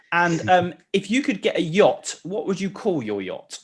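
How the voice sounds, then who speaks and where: Male host, higher voice, cheeky and teasing with guests. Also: sing-song, unhurried. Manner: playful, teasing, laughs often. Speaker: podcast host. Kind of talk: casual interview hosting.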